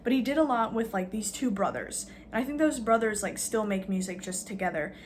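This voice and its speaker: A woman's voice: mid-range voice, a little fast, a little hiss or hum. A woman vlogging a casual, rambling rant, sarcastic and full of fillers, swearing now and then.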